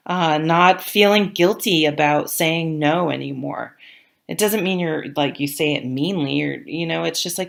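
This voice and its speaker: A woman's voice: sits low, slow, gravelly. A middle-aged woman giving a casual tarot reading to camera, rambling and often trailing off to restart her sentences. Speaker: tarot reader.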